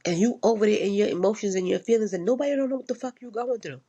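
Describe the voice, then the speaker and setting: Woman, husky voice, casual profane rant, blunt and repetitive. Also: mid-range voice, racing, warm tone, dull audio. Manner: blunt and profane, repeats herself for emphasis.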